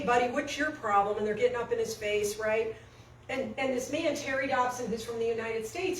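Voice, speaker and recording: A woman coach tells a story with animated energy, slipping into voices now and then. Her voice sits fairly high. The recording is roomy and echoing, with her off the mic and faint noise behind. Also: distant mic. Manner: animated storyteller, acts out quotes. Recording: echoey room, speaker off-mic, faint noise.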